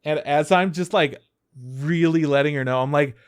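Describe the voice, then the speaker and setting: A young adult man co-hosting a podcast speaks in a smooth, slightly high voice at normal speed. He chats casually, swears freely, and tells stories animatedly, acting out quotes along the way.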